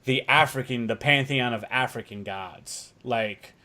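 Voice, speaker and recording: A man's voice: mid-range voice, measured pace, pushed and bright. A man co-hosting a casual chat podcast, rambling and swearing freely. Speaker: podcast co-host.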